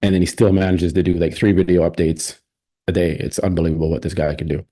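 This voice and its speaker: Low, dark-voiced male stream host. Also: level tone, fast talker. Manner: rambling and opinionated, many restarts. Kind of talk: casual live stream commentary.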